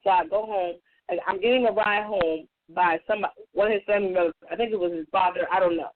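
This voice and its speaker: A woman on a radio talk show telling a personal story in a casual, profane, animated way. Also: quick pace. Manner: animated, profane, acts out quotes in a higher voice. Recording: tinny phone-like radio audio.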